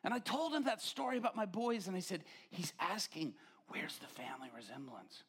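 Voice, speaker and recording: Middle-aged male pastor, lively sermon delivery, voice sits on the high side and pushes loud at peaks. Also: fairly quick, breathy edge. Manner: animated storytelling, rising to near-shouts.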